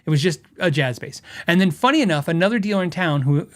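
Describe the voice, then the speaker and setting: A podcast host with a fairly high voice for a man tells a story in a loose, rambling way. He restarts sentences and laughs often as he talks. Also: animated, quick pace. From western United States.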